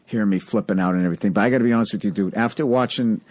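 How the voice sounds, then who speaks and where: A man with a Boston accent hosting a podcast, telling stories in casual, profane, animated chat. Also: lowish voice, very fast, no room sound. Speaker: podcast host.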